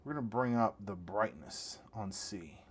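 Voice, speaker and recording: A young man hosting a casual tech review vlog from a small home studio. He talks straight to his viewers in an excited, slangy way. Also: lowish voice, a little slow, a little hiss or hum. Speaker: tech reviewer, channel host.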